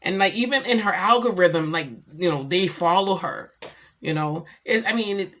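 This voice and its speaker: A middle-aged woman chatting casually about her daughter, animated and slangy as she tells stories. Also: low-pitched. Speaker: vlogger, mother. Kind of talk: casual chat.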